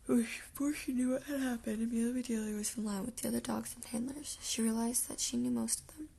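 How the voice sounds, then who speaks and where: This woman reads a children's chapter book aloud in a soft, half-whispered way. Her voice is gravelly and rough from the early hour, with heavy fry and a husky, breathy edge. It sits slightly high for a woman. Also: steady tone, fairly quick, hardly any pauses. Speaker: audiobook reader.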